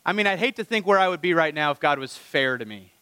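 Male pastor, bright and forceful, preaching with lively rhetorical questions; dry close mic with a long hall tail. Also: fairly high pitch, fast, smooth. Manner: animated, rhetorical questions to the congregation. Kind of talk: sermon.

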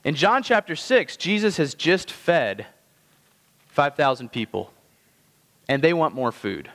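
Male pastor, sermon; slightly high voice, conversational delivery with slow emphasis, long hall reverb. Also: lively intonation, fairly bright tone.

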